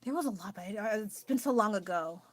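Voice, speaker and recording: A woman's voice: medium pitch, lively intonation, fast talker, no room sound. A woman with an American accent chatting casually on a livestream, rambling and laughing often as she answers her chat. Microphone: phone.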